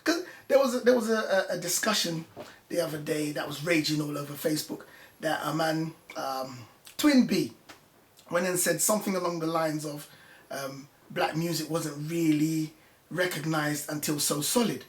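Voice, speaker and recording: A man talks as a guest, recalling his years as a music journalist in a casual conversation. He tells it with animated passion. The room around him rings with echo. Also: fairly high pitch, normal speed.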